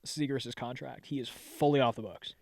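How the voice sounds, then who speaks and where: A man's voice: mid-range voice, moderate pace, vocal fry, darkish tone, dry recording, clean studio sound. A young man co-hosting a podcast, chatting loosely about hockey, cursing and laughing often. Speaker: podcast co-host. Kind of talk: casual sports chat.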